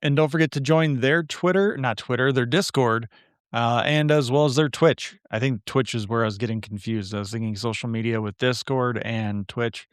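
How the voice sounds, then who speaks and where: Chatty Midwestern man, smooth dry voice. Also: mid-range voice, normal speed, no room sound. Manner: chatty, rambling, self-deprecating. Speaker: podcast host. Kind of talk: casual chat.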